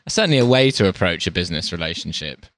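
Male co-host, very deep voice, dry close mic. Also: very animated, rapid-fire, fairly bright tone, no room sound. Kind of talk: casual interview talk.

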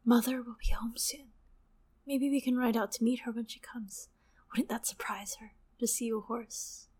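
A woman whispering as a gentle young lord, whispered role-play. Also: very high voice, steady tone, normal speed, voice pushed up. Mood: tender. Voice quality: hushed, breathy whisper. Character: young male lord, gentle big brother.

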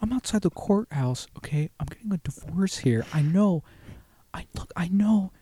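A man's voice: high voice, lively intonation, moderate pace, slight background noise, pitched above the performer's own voice. A man doing a timid mumbling movie-star impression. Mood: pleading. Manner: soft, hushed, drifting into whispers.

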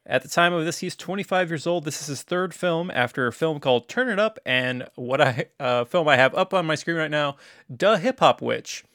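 A man's voice: on the high side, normal speed, a bit bright, no echo. A man co-hosting a casual podcast, reading notes and dropping dry, wry asides. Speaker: podcast co-host. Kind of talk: casual chat.

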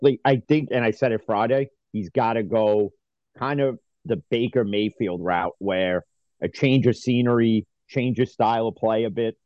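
A man with a lowish voice co-hosts a sports podcast at normal speed, talking casually and then ranting heatedly with swearing. The recording is dry, captured on a dull lo-fi mic.

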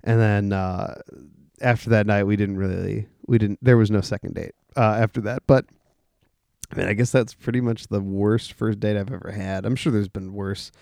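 A man's voice: fairly low pitch, fairly even intonation, moderate pace, gravelly, darkish tone, no room sound, studio quality. A young man hosting a casual solo podcast, rambling with many fillers, restarts and the odd swear word. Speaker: podcast host.

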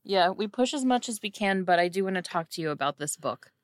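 A woman playing a tabletop game, describing her actions with halting phrasing and fillers. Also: mid-range voice, lively intonation, dry recording, clean studio sound. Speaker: player. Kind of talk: casual in-character play.

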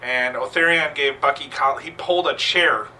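A man co-hosting a podcast, telling loud, profane wrestling stories in casual chat. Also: medium pitch, moderate pace. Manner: loud, profane, bursts of shouted impressions. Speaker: podcast co-host, former wrestler. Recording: distant mic with faint room noise.

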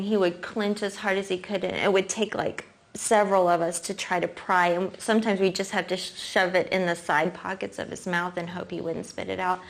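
A woman giving an earnest, emotional personal testimony, telling it haltingly and sometimes tearfully. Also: mid-range voice, gravelly. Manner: earnest, halting storytelling, breaks into soft singing. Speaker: testimony speaker.

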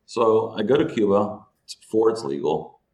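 A man's voice: on the low side, moderate pace. A man guest on a podcast, telling a story casually with lots of swearing and laughter. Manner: animated, profane, laughing as he tells a story. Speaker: guest, entrepreneur.

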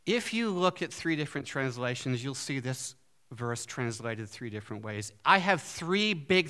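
Bright-voiced, animated male preacher. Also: medium pitch. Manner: animated, asks the audience questions. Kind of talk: sermon.

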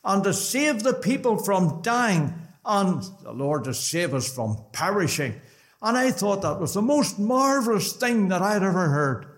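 A Northern Irish man gives his personal testimony in a gospel hall. His slightly high voice swings up and down animatedly. He speaks in a warm, conversational storytelling manner. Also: a little slow. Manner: conversational storytelling with lively rises. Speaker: preacher giving his testimony.

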